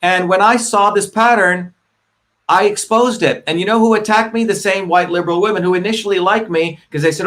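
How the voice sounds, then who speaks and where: A middle-aged man hosts a livestream in a fairly high voice. He talks emphatically and combatively, hammering the same points again and again and swearing when he gets worked up. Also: a little fast, fairly bright tone. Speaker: host of a live online show. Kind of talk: live-stream monologue.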